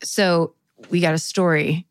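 Low-pitched woman podcast co-host. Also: level tone, measured pace, no echo. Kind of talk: casual chat, reading listener stories.

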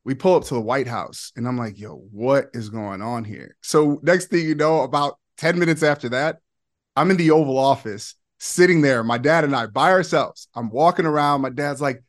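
A man in his forties telling a personal story as a podcast guest, excited, with quick bursts and laughing asides. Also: a little high. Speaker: podcast guest, former player. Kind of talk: animated storytelling.

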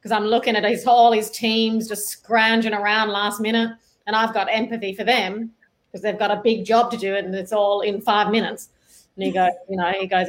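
A woman guest on a video call, calmly recounting a story in a measured way. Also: medium pitch. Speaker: podcast guest. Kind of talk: casual conversation on a video call.

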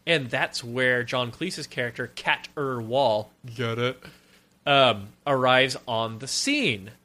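Bright, animated man chatting casually. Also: medium pitch. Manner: animated, sarcastic, quick with jokes. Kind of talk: casual film-review chat.

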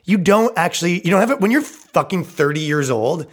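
A man's voice: high voice, animated, fairly quick. Brash, profane male podcast host. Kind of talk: crude ranting podcast talk.

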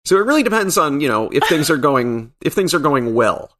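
A man's voice: fairly high pitch, big pitch swings, a little fast, fairly bright tone. A man, a comic book writer, talking in a casual podcast conversation, thoughtful and wry, with frequent restarts.

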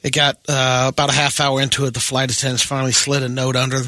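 A male radio news reader running through odd stories in a matter-of-fact, deadpan way. His voice is bright and close, with a dry studio sound. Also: medium pitch, quick pace, few pauses, no echo. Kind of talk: reading offbeat news stories on air.

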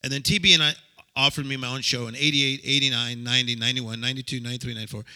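Excitable guy preaching to a crowd, gravelly, stumbles over his words, yells sometimes, super bright voice. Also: mid-range voice, rapid-fire. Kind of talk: lively sermon to a live audience.

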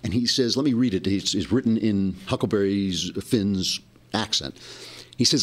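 A man's voice: on the low side, moderate pace, a bit bright. A male host giving an impassioned monologue commentary, often restarting his sentences.

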